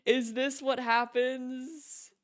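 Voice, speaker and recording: Male streamer, casual and excitable, laughs a lot, high clear voice. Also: drawn-out words. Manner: excitable, laughs often, breaks off mid-sentence. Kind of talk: casual chat.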